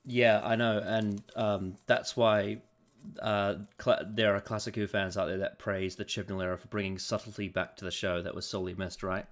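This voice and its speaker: A man's voice: lowish voice, flat delivery, normal speed. A man hosting a casual podcast chat, laughing often and tripping over his words as he talks. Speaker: podcast host.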